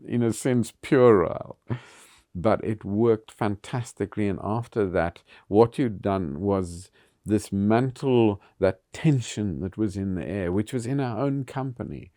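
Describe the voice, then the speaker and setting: A man's voice: lowish voice, a little mellow, no room sound, clean studio sound. A man, telling theatre stories with frequent chuckles. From South Africa. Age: 70s. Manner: anecdotal, chuckles often between phrases. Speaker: theatre founder being interviewed. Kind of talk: reminiscing storytelling.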